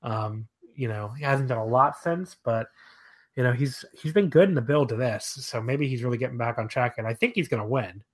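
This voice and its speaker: A man's voice: mid-range voice, a little fast. Male podcast host, casual and enthusiastic, steers the chat with questions.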